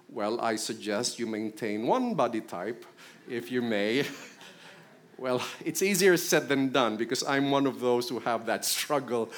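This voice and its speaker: A man's voice: medium pitch, lively intonation, unhurried. A middle-aged man with a Filipino accent, preaching a sermon in a conversational way and putting questions to his congregation. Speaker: pastor.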